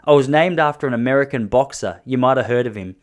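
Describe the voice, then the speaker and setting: An Australian man in his thirties hosting a podcast, telling comic stories in a rambling way, with sudden jumps in pitch and loudness. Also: quick pace. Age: 30s. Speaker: podcast host. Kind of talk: comedic storytelling monologue.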